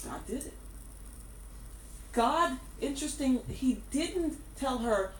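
A woman's voice: high voice, animated, slow, long pauses. A woman preaching a sermon, emphatic, repeating her key phrases for weight. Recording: echoey room, distant mic, faint background noise.

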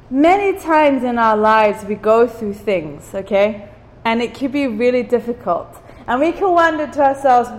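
A woman's voice: a little high, big-room sound. A woman teaching the Bible to a small group in a room, chatty and often asking "okay?", laughing now and then at her own stories.

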